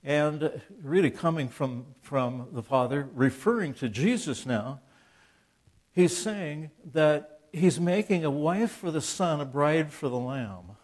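A man's voice: on the high side, expressive, slow pace, a little mellow. A man in his seventies, a Christian author, gives an informal, conversational preaching talk. He rambles with restarts and asides, and he acts out quoted dialogue in an earnest, plainspoken way. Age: 70s.

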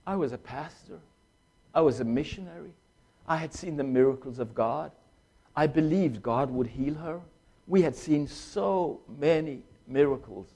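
A man's voice: on the high side, dark tone. Older man giving an emotional testimony. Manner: emotional, halting delivery in short phrases. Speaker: former pastor and missionary. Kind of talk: personal testimony.

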